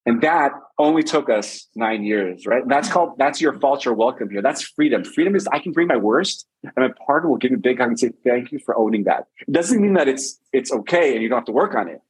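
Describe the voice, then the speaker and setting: Man, husky voice, middle pitch, relationship coach, animated storytelling, repeats phrases. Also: fairly quick, poor audio. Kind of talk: conversational advice.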